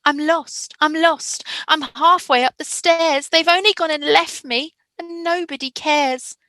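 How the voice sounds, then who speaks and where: A woman reading as a small lost child, frightened and plaintive, with a voice pitched well above her own. The tone is bright, and the sound is dry and close. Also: expressive, unhurried, no echo. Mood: scared. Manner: high, plaintive, fading to quiet.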